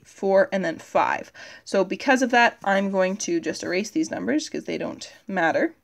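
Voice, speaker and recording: In a recorded chemistry lesson, a female teacher thinks out loud while writing on the board, using "okay" and "uh" to fill the gaps. Her voice sits in the mid range.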